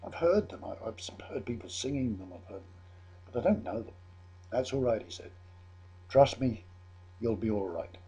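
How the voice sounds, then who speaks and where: Casting note: older man from England, low, dark and very husky voice, chatty storyteller who laughs at himself. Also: animated, a little fast. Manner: chatty, self-amused, with frequent restarts. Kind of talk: personal anecdote.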